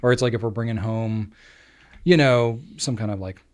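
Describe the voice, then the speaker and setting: A man near forty co-hosting a podcast, chatting in an easygoing, agreeable way with quick asides. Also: on the low side. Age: 30s. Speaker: podcast co-host. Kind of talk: casual chat.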